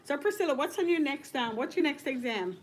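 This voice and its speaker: A woman nursing professor chats to the camera in a loose, rambling way and laughs often. Her voice sits fairly high, with a faint hiss of noise in the background. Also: animated, fairly quick. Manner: chatty and digressive, laughs often. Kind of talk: casual chat on camera.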